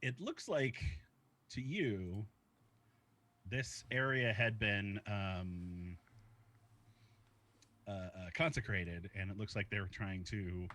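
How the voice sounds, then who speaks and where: A man's voice: lowish voice, slow, pauses often, pushed and bright. A man narrating as game master, describing scenes in a loose, searching way.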